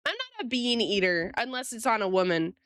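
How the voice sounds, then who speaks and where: A woman's voice: on the high side, very animated, brisk, a bit bright, smooth, dry recording, studio quality. A woman streamer chatting casually with her viewers while she draws, giggling often and talking straight to chat.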